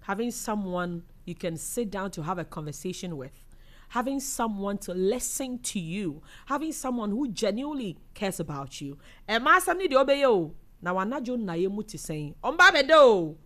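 In a mid-range voice at a moderate pace, a young Ghanaian-accented woman reads out comments from viewers on her casual live show. Her delivery is chatty and animated, with frequent laughter.

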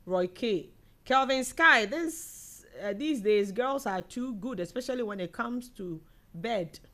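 A woman's voice: on the high side, unhurried. Chatty Ghanaian woman hosting live. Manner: chatty, animated, laughs often, mixes in local words. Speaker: live show host reading viewer comments. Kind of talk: casual live commentary.

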